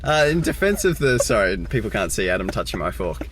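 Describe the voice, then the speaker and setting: A young man with a very animated voice co-hosts a loose comedy chat from inside a car, laughing often. A faint hiss sits under the recording. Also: lowish voice, a little fast. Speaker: podcast co-host.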